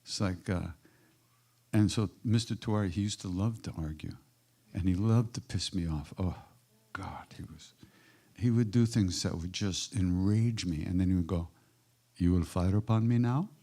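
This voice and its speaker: An older man from the United States tells spiritual stories to an audience. His voice is very low, gravelly and mellow, and he moves between a relaxed drift and sudden emphatic bursts. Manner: unhurried, warm-hearted anecdotes with emphatic bursts. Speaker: spiritual teacher answering audience questions. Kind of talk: reflective storytelling.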